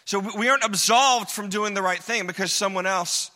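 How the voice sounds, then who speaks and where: A man preaches a sermon in a very bright, high voice. His delivery is casual and joking, and he drives points home by repeating them. The sound lingers in a large reverberant church hall. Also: brisk. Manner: conversational, joking, emphatic repetition. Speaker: pastor.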